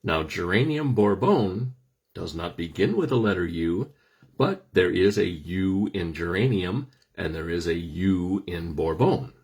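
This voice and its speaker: A man's voice: low voice, lively intonation, a little slow, a little mellow, husky. A middle-aged man hosting a casual talk on essential oils, explaining things with dry, self-deprecating jokes. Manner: joking, self-deprecating asides. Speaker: host.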